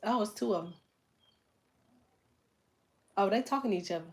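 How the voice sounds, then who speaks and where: A woman's voice: mid-range voice, normal speed, heavy background noise. Blunt, profane middle-aged woman streaming. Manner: blunt, profane, emphatic, talks straight to viewers. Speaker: tarot reader and livestream host. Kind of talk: casual livestream chat.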